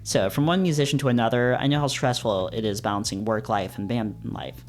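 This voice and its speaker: A man reading a calm, sensible male musician. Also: mid-range voice, fairly quick, faint music behind, lightly acted. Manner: level-headed, reasonable.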